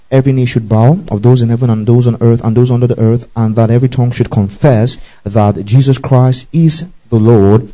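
Guy preaching a bible study sermon, warm mellow voice, reads verses then stops to explain, keeps asking if you follow. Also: mid-range voice, low-quality recording. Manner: checks in with listeners often and tells them what to underline; reads scripture aloud and breaks in to explain it. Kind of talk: expository Bible-teaching sermon.

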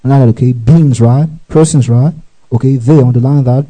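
A man's voice: medium pitch, fairly even intonation, a little fast, mellow, low-quality recording. A man teaching from the Bible, repeating each verse reference, telling listeners to underline words and checking in with "okay?" and "right?".

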